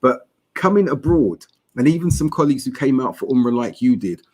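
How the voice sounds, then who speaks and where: Husky South London man explaining. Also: medium pitch, sing-song, darkish tone. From South London, England. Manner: measured, explanatory, lecturing. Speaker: podcast host. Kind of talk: podcast discussion.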